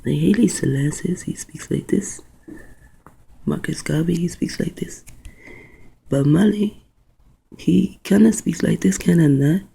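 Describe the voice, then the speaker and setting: A video host giving rambling commentary while reading aloud, spelling words out letter by letter, musing with soft exclamations and often dropping into a whisper. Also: medium pitch, creaky, husky, low-quality recording.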